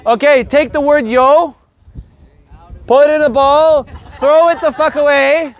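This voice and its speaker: A man teaching a live group Spanish lesson in an energetic, joking, profane way. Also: very high voice, a little slow.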